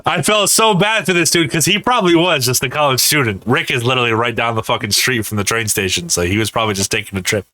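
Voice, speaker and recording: A man's voice: mid-range voice, fast, few pauses, pushed and bright, no echo. A man with a Rhode Island accent co-hosting a podcast, teasing and swearing in casual chat. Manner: teasing, laughs a lot, profane. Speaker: podcast co-host.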